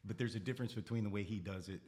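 A man's voice: fairly low pitch, racing, mellow. A man telling his own stories as a guest on a casual podcast. He rambles, restarts with repeated words and laughs his way through, blunt and profane. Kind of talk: casual podcast chat, storytelling.

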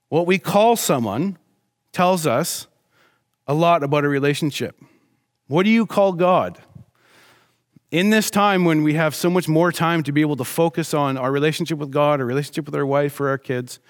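A middle-aged man, a pastor preaching a conversational sermon, telling stories and slowing down to stress key lines. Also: on the high side. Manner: storytelling, conversational, slows for emphasis.

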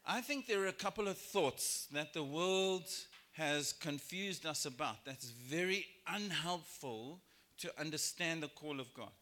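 A man preaching a sermon in church, lively and expressive, acting out biblical characters in raised voices. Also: a little slow, few pauses. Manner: animated, acts out quoted voices with rising pitch and volume. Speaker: pastor. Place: church sanctuary.

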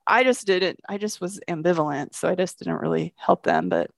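A woman telling stories in casual conversation, animated and acting out what people said. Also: on the low side, a little fast, creaky, dry recording, studio quality. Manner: animated storyteller, acts out quotes. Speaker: guest, shelter project manager.

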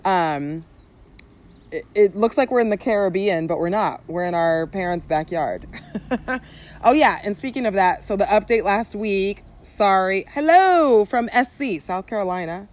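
A woman's voice: medium pitch, expressive, unhurried, darkish tone. Chatty young woman podcasting outdoors. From Southern California. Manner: chatty, laughing, lots of fillers. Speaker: podcast co-host. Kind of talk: casual chat. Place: outdoors in a backyard.

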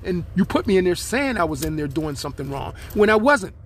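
A man's voice: high voice, sing-song, fairly quick, slight background noise. A man hosting his own podcast, speaking, in a rambling, aggrieved monologue aimed straight at his listeners. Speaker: podcast host.

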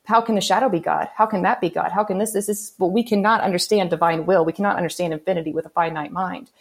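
Low-pitched woman guest, earnest spiritual teacher, checks in with listeners as she explains. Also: fairly even intonation, quick pace, gravelly. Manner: earnest teaching tone, often checks in with "okay" and "right?". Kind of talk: conversational podcast interview.

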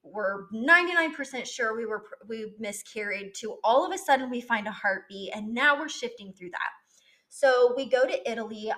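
A woman's voice: a little high, bright, forceful tone. A young woman telling a personal story on her vlog, candid and emotional, swearing freely. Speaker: vlogger.

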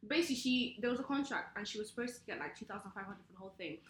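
A woman's voice: mid-range voice, lively intonation, very fast. A young woman, telling a story in casual chat with friends. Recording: roomy echo.

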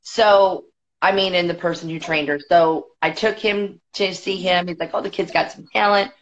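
A woman guest on a podcast, telling a story in a chatty, quick way with many fillers. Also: on the low side, fairly even intonation. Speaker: podcast guest, boxing federation executive. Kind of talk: casual storytelling. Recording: dull lo-fi podcast audio.

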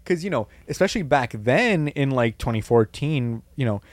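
A young man co-hosting a podcast in casual chat, rambling, swearing and acting out quotes with sudden high jumps in his voice. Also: expressive, moderate pace, no room sound. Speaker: podcast co-host.

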